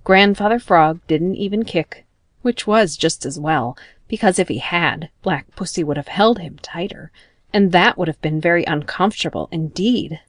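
A woman reads a children's storybook aloud in a gentle, expressive way. Her voice is on the low side for a woman. The recording is dry and close. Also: moderate pace, dry recording. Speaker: narrator. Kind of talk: storybook narration.

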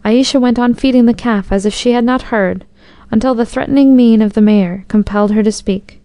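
Mellow-voiced woman reading a storybook. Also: mid-range voice, fairly even intonation, fairly quick, few pauses, clean tone, no room sound. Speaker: narrator. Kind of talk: storybook narration.

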